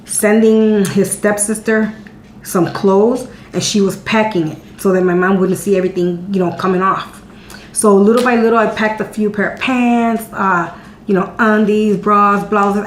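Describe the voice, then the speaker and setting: A woman in her thirties chatting candidly to her viewers, telling a personal story. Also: mid-range voice. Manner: chatty and candid, repeating words as she talks. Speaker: vlogger answering viewer questions. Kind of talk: casual storytelling chat. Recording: echoey room with faint hum.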